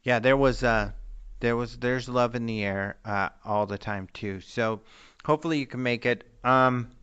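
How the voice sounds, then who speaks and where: A man's voice: mid-range voice, moderate pace, fairly bright tone, clear, resonant tone, dull audio. A young man hosting a radio show, signing off in a rambling, joking, self-deprecating way. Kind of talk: casual radio sign-off chat.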